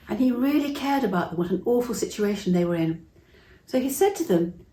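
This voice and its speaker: A middle-aged woman from England telling a Bible story to children in a chatty, expressive way, acting out the voices. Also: mid-range voice, brisk, echoey room, slight background noise.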